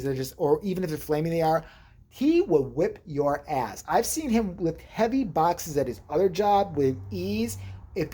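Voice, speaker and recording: A woman tells a rambling, profane story to the camera, mimicking the people she quotes along the way. Her voice sits low and a little husky, and it swoops animatedly from line to line. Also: warm tone. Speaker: vlogger. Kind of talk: casual storytelling.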